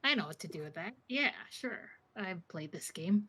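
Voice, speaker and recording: A woman's voice: medium pitch, lively intonation, moderate pace, fairly bright tone, breathy edge. Hesitant woman role-playing as a player. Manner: hesitant, stammering. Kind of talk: in-character tabletop role-play.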